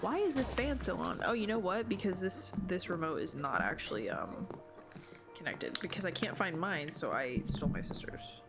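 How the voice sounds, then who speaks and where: A woman's voice: on the low side, animated, moderate pace. Exasperated woman streamer swearing at a game. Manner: swearing, exasperated, thinking aloud. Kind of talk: casual gameplay commentary. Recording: game music behind her voice. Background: game music.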